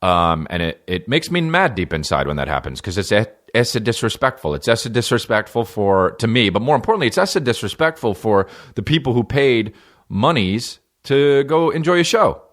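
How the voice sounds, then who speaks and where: A man's voice: medium pitch, big pitch swings, moderate pace, a bit bright. A man from New Jersey, a comedian hosting his podcast, talking in a rambling, playful, profane monologue.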